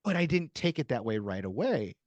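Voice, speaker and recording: Podcast guest, middle-aged man, lively, acts out dialogue; dry close mic. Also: mid-range voice, fairly quick, no echo. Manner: animated storyteller acting out dialogue. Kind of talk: casual interview conversation.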